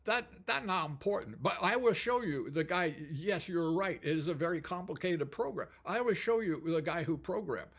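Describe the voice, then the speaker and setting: A man voicing an earnest male engineer with a Japanese accent, speaking halting, clipped broken English. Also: high voice, animated, fairly bright tone, full character voice. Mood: eager.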